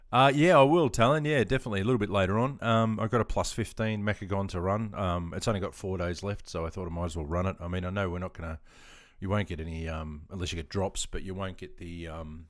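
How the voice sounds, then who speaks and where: An Australian man streaming live, chatting casually in a relaxed, rambling way with frequent ums and chuckles. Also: sits low, brisk, no echo, clean studio sound.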